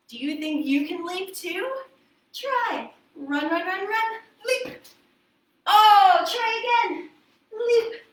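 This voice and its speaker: A woman telling a folk tale to preschoolers while leading ballet moves, animated and sing-song. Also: very high-pitched, echoey room, recorded from a distance, rough recording. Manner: animated, sing-song storytelling with movement cues. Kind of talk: storytime ballet class for young children.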